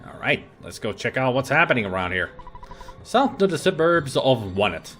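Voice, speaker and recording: Brief: jokey let's play host, man, hugely swinging pitch, game music behind. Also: big pitch swings, normal speed, a bit bright. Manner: playful, jokey, reads game text aloud.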